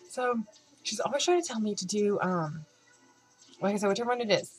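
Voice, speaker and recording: A woman's voice: mid-range voice, a little fast, pauses often, faint music behind, poor audio. Chatty young woman vlogging. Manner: chatty and animated, acts out both sides of conversations. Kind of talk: casual chat.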